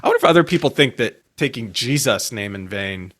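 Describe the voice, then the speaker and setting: A man with a bright tone and a lively, swooping delivery chats on a podcast. He teases his co-host and throws in quick follow-up questions. The sound is dry and close. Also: medium pitch, dry recording. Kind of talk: casual chat.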